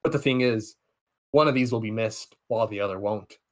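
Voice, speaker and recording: A man's voice: fairly low pitch, brisk, close to an everyday voice. A man quoting a cold, stern male serial killer mastermind in a lecturing, commanding way during a casual podcast recap.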